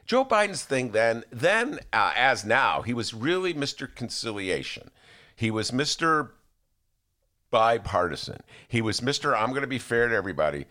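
A man hosting a radio talk show, bantering and joking, slipping into impressions. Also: on the low side. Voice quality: animated, jokey, slips into impressions. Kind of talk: casual on-air banter.

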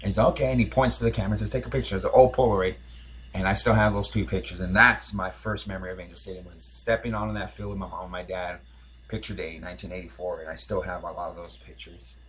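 A man's voice: low-pitched, steady tone, fast, fairly bright tone. A man in his forties, a podcast host, telling a rambling, nostalgic story in casual chat, full of fillers and restarts.

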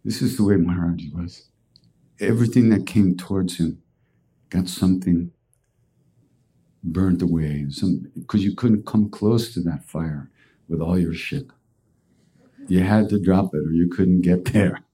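Male podcast host, low warm voice, casual rambling storyteller. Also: measured pace, long pauses, slightly rough. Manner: casual, rambling, with fillers and restarts. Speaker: podcast host and spiritual teacher. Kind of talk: storytelling talk.

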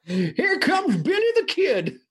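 Brief: man playing a dusty, gold-crazy old prospector, high old-timer drawl. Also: wildly swooping pitch, takes it slowly, a bit bright, exaggerated voice. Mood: excited.

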